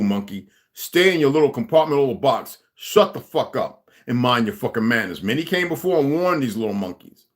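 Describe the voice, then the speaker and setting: A man's voice: on the high side, fairly bright tone. Man ranting angrily on a livestream. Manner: aggressive, profane, confrontational. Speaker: livestream host. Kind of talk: angry livestream rant.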